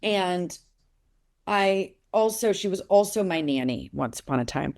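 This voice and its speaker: A woman in her forties speaks in an interview, with a somewhat low voice. She rambles through stories, restarts her sentences and grows animated as she goes. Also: unhurried. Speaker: actress being interviewed. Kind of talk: casual interview talk.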